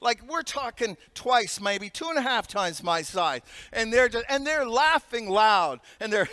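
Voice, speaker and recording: A pastor preaching a sermon, telling stories with humor and laughter. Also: male voice, high voice, expressive, moderate pace, hardly any pauses, bright, forceful tone, in a large hall.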